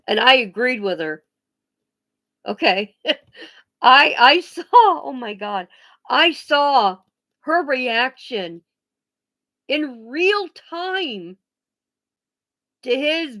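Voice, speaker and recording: On a casual vlog, a woman rants bluntly and emphatically, swearing freely, pausing and often restarting her sentences. Her voice sits high, with a sing-song lilt and a sharp tone.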